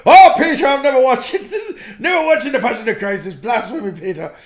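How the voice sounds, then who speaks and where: A man imitating his devout Catholic mother, an older woman, in a shrill, scandalized, laughing voice, in an echoey room. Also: brisk.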